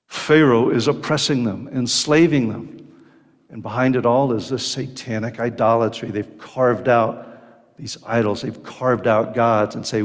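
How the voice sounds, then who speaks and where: A man preaching a sermon at a slow, deliberate pace. He reads scripture aloud and then explains it in plain words, stopping now and then on a filler. His voice rings with the long reverb of a hall. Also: medium pitch.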